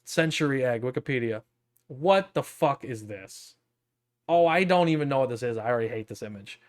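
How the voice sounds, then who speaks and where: A man's voice: mid-range voice, expressive, normal speed. A man streaming casually as a virtual streamer, reading aloud and reacting in a profane, giggly, rambling way.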